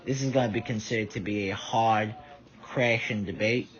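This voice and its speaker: A man's voice: on the low side, steady tone, moderate pace. A tired man giving rambling casual live commentary, stumbling over his words. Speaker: vlogger. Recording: dull lo-fi audio.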